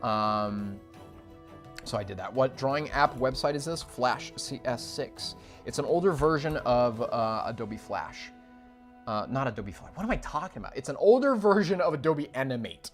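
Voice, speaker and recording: A young man streaming casually as an animator, rambling with fillers and swinging from low mumbles to loud, excited yelps. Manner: rambling with many fillers and restarts. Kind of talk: casual livestream chat. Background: faint music.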